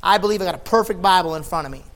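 A tired man preaches with fervor, his high voice climbing to loud peaks before sinking into hushed lines. He reads scripture aloud between the emphatic parts of his sermon. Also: very fast. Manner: fervent preaching, swinging from loud emphatic peaks to low quiet stretches; sweaty and laughing at himself between scripture readings. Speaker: pastor.

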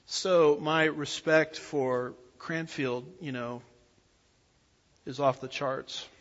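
Higher-voiced male preacher in a reverberant hall. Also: steady tone, takes it slowly, a bit bright. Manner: asks the audience fill-in-the-blank questions. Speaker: pastor teaching a Bible class. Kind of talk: expository sermon lecture. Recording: dull audio with long hall reverb.

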